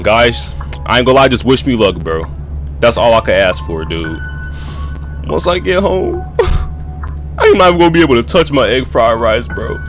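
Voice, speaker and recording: A man commentating on a horror game in loose, slangy talk, his pitch swinging all over the place as he reacts. He jumps between a calm reading voice and loud outbursts. Faint music plays behind him. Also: moderate pace, pauses often. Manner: reads game dialogue aloud in a lower voice, then reacts loudly; casual slangy chatter. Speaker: gaming YouTuber.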